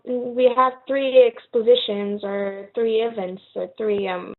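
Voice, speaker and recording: A woman with a French accent teaching French numbers and phrases, slowly and patiently repeating words with little pauses and fillers. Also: a little high, fairly even intonation. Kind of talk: slow spoken language lesson. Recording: tinny phone-like sound.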